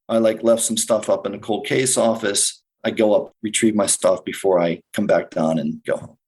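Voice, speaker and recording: A middle-aged man tells in the present tense how he survived a shooting, sometimes rushing ahead and sometimes slowing down heavily. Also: on the low side, slightly rough, poor audio. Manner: vivid present-tense retelling, sometimes rushed, sometimes slow and heavy. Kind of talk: first-person podcast storytelling.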